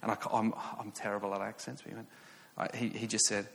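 A man's voice: lowish voice, little pitch movement, fast, gravelly, in a large hall. A man in his thirties with an English accent, preaching a sermon as a story, chatty and self-mocking with many fillers and restarts. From England.

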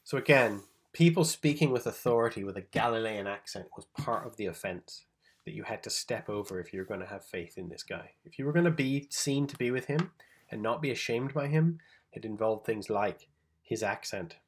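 A man's voice: lowish voice, animated, brisk, breathy edge. A man teaching on a Gospel passage in a conversational sermon style, explaining the background, checking in with his listeners and loosely paraphrasing the text. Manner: thinks aloud with restarts, paraphrases scripture informally. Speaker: Bible teacher.

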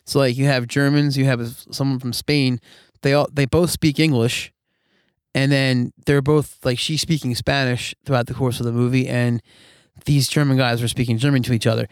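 A man's voice: medium pitch, level tone, normal speed, clear, resonant tone, no echo, clean studio sound. A man co-hosting a podcast, rambling through movie talk with frequent laughs and restarts. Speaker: podcast co-host. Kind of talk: casual chat.

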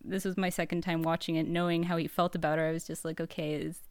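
A woman's voice: on the low side, flat delivery, fast talker, clear, resonant tone, dry recording. A woman co-hosting a podcast, chatty and rambling with lots of fillers. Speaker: podcast co-host. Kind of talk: casual podcast discussion.

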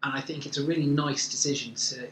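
A man's voice: mid-range voice, steady tone, fast talker. A man co-hosting a podcast, chatting enthusiastically and sharing opinions. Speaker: podcast co-host. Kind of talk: casual chat reviewing a musical. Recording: echoey room with faint noise.

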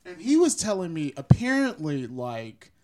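Young South Florida guest, relaxed and slangy, slightly higher voice. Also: male voice, normal speed. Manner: easygoing, slangy, says "you know what I'm saying" a lot. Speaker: podcast guest. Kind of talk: casual podcast chat.

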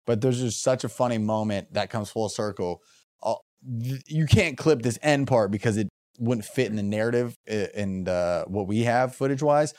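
A man's voice: lowish voice, normal speed, a little mellow. A young man co-hosting a podcast, telling crude stories with a wry, jokey manner. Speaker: podcast co-host and comedian. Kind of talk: casual chat, storytelling.

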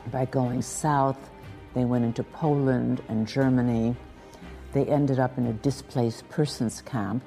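An older woman with a strikingly low, mellow voice recalls her past in a slow, reflective way, pausing and restarting as she goes. Soft music sits faintly behind her. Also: in a large hall. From Lithuania. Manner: reflective and measured, with pauses and restarts. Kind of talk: personal recollection.

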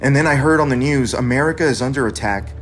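Over soft background music, a Californian man in his thirties, a veteran, earnestly narrates his own life story and acts out the dialogue he remembers. He talks fast in a mid-range, fairly bright voice.

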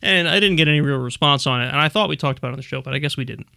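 A man's voice: on the high side, very fast, creaky, pushed and bright, dry recording, clean studio sound. A man hosting a podcast in casual chat, rambling through stories and laughing often. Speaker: podcast host.

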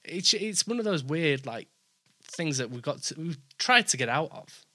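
A man with a Yorkshire accent, a presenter in easygoing, quick chat. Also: fairly high pitch, sing-song, pushed and bright. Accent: Yorkshire English. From Yorkshire, England. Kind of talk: casual chat.

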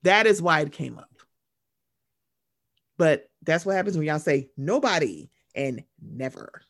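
Animated, sarcastic man talking casually. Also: fairly high pitch, unhurried. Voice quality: animated, profane, sarcastic, slips into mocking voices. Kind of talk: casual chat.

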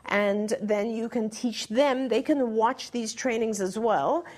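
A woman's voice: fairly high pitch, takes it slowly, darkish tone. Woman, middle-aged, casual advice talk, earnest, encouraging. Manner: earnest, encouraging, restarts phrases. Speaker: podcast co-host answering parent questions.

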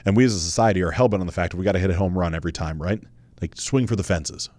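A man in his thirties with a fairly low voice tells his own story on his podcast. He speaks candidly and earnestly, repeats phrases for emphasis and swears now and then. The sound is dry and close, with no room around it. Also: rapid-fire, a little mellow, no echo. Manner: candid, conversational, swears casually. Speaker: podcast host. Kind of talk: personal storytelling monologue.

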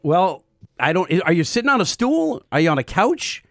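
Male podcast co-host, jokey and lively, slightly high voice, dry close mic. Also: moderate pace, vocal fry, no echo, soft background music. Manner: lively, jokey, reads specs off a chart. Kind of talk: casual podcast chat and live ad reads.

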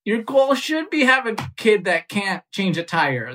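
A man telling a personal story as a comedian guest on a podcast, animated and self-mocking, laughing often and loose with fillers. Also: high-pitched, unhurried, few pauses.

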